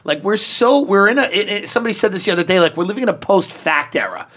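A man who is a guest comic on a podcast, talking with sardonic, deadpan exaggeration. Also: high-pitched, quick pace. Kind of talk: casual comedy podcast chat.

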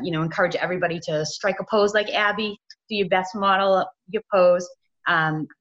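Lady podcast host, lowish voice, keeps saying you know, kinda dull lo-fi sound. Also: a bit bright. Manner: rambling, many "you know" fillers. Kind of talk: casual podcast interview.

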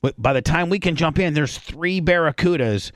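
A man's voice: a little high, moderate pace, fairly bright tone, dry recording, studio quality. A man hosting a podcast, telling stories in a blunt, profane, rambling casual chat. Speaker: podcast host.

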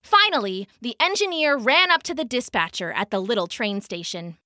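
Female storyteller, children's read-aloud, bright and lively, dry close sound. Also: fairly high pitch, moderate pace, dry recording. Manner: animated, expressive reading with sound-effect words.

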